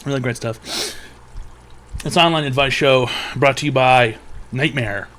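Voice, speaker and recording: Bright-voiced man ranting at chat. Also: medium pitch, moderate pace. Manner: crude, mocking, rambling. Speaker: livestream advice show host. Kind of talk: profane comedic rant to chat.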